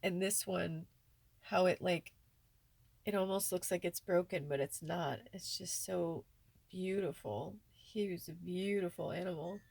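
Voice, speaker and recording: Tearful woman with a gravelly voice. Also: lowish voice, measured pace, darkish tone, dry recording. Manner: tearful, rambling, full of "like"s. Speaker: spiritual vlogger. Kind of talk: emotional personal vlog.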